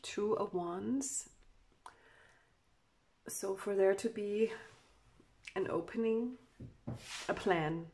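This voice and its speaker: A woman's voice: medium pitch, drawn-out words, long pauses, noisy background. A woman giving a channeled tarot love reading. She rambles with many fillers and speaks emotively for the people she reads about. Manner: rambling, full of "you know" fillers; emotive, voices what the couple feel. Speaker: tarot card reader.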